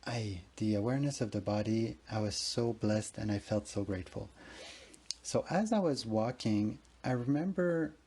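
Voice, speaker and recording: A man's voice: on the low side, moderate pace, warm tone, slightly rough. A man hosting a podcast, telling a rambling, earnest personal story full of emotion and casual swearing. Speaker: podcast host.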